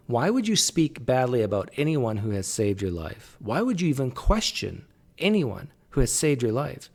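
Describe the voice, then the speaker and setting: A man's voice: mid-range voice, darkish tone. A man commentating casually on a clip, thinking aloud with frequent fillers and restarts. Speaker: video commentator.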